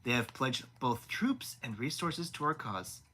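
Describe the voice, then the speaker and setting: A man's voice: medium pitch, very animated, measured pace, bright, forceful tone, slight background noise, low-quality recording. A man voicing a smug, boastful elder prince in a live audiobook reading, talking pompously. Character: smug proud elder prince, male adult.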